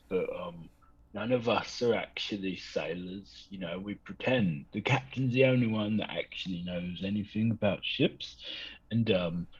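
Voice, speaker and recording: A man voicing a gruff, hard-drinking woman sailor who talks bluntly and bosses people along. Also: lowish voice. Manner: blunt, pushy encouragement. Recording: dull lo-fi sound.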